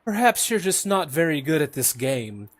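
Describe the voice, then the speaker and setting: A man voicing a female elf gambler who answers with calm, dry retorts. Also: on the high side, normal speed, no room sound.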